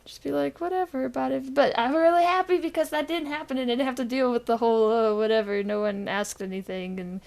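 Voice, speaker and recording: Tired gravelly-voiced woman podcast co-host. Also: high-pitched, fast, hardly any pauses. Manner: tired, deadpan delivery; rambling with frequent fillers and laughs. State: recovering from illness. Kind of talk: casual podcast chat.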